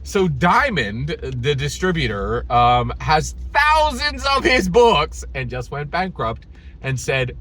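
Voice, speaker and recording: A channel host ranting in exasperated, sarcastic commentary, laughing between lines, with a slightly husky voice. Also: male voice, on the high side, big pitch swings, a little slow, pushed and bright.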